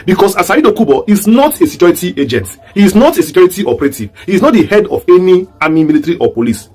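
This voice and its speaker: A man's voice: high-pitched, big pitch swings, rapid-fire, darkish tone, husky. A man from southeast Nigeria with a Nigerian accent, giving an online commentary monologue full of rhetorical, repeated questions. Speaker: political commentator.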